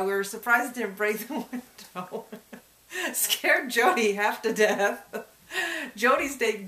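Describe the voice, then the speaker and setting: A woman in casual conversation recounts a story for a folklore interview. She keeps breaking into small chuckles as she tells it. Her voice sits in a middle pitch and carries a noticeable room echo. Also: fairly bright tone. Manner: chuckles often while telling. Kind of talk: casual personal anecdote. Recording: echoey room.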